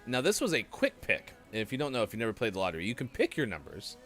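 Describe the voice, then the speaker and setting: A man co-hosting a morning show, reading lottery stories in a relaxed, joking way. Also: medium pitch, quick pace, soft background music. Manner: relaxed, joking, reads from a list. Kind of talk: casual chat, reading news items.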